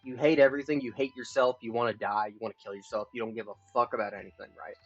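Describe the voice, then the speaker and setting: A young man livestreaming, telling a long personal story in a rambling, profane way, dropping to mumbles and rising to loud bursts. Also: medium pitch, fairly even intonation, fast talker, no echo, faint music behind. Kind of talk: casual confessional storytelling. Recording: dull lo-fi stream audio.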